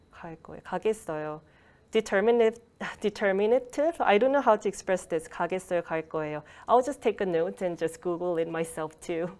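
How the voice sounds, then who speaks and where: A woman's voice: mid-range voice, a little mellow. A woman giving an online language lecture, explaining patiently with many fillers and small laughs, heard over a video call.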